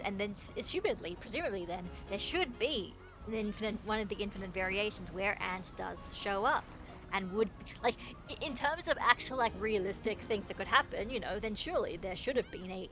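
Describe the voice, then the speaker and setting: A woman's voice: mid-range voice, rough recording. A woman streaming a visual novel, thinking aloud in a rambling way with many restarts. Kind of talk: live-streamed game commentary. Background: game music.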